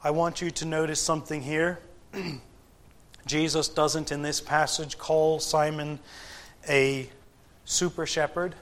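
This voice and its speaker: Slow, deliberate higher-voiced male preacher. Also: level tone, a bit bright. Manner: deliberate, emphatic, with frequent pauses and rhetorical questions. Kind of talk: sermon. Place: church gathering.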